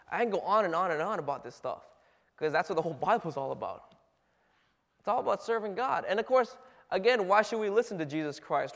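A man's voice: sits high, long reverb tail. A man giving a casual, conversational sermon full of rhetorical questions and little acted-out exchanges. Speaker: preacher.

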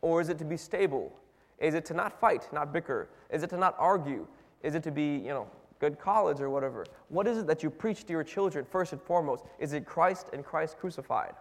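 Preaching a sermon, a man addresses his church loosely and conversationally, firing off question after question, often restarting sentences and relying on fillers. His somewhat high male voice is expressive and brisk, ringing through a hall with long reverb.

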